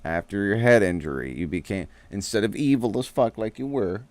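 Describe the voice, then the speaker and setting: A man's voice: lowish voice, expressive, a little fast, darkish tone, dry recording, close to an everyday voice. A man doing a blunt old hermit master. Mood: offhand. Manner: rambling, offhand, swearing. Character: blunt old male martial arts hermit.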